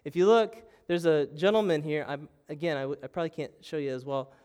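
A man's voice: fairly high pitch, fairly quick, darkish tone, clear, resonant tone. A young adult man preaching a sermon as pastor, telling the story with animation and acting out panicked voices. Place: church sanctuary.

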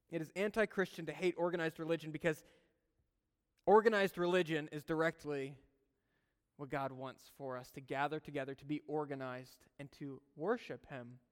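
A man's voice: sits high, clean tone. A male pastor preaching a sermon, earnest and conversational, with humorous personal asides. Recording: long hall reverb.

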